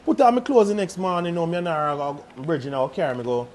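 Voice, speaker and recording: A young man with a strong Jamaican accent and a notably high voice tells a rambling personal tale in casual patois. He laughs often and keeps the telling loose and lively, with a faint hum of ambience behind him. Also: fast. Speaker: guest telling a story.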